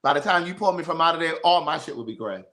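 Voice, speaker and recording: A man hosting a podcast, chatting casually with blunt, animated talk and free swearing. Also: on the high side, fast talker. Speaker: podcast host. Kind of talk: casual chat.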